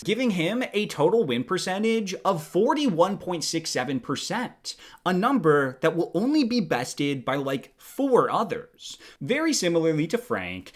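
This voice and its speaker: A young man narrates a ranked countdown in a scripted, commentary style. His voice sits a little high and moves a lot, with plenty of lift and bounce between phrases. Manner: lively, animated delivery. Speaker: video host.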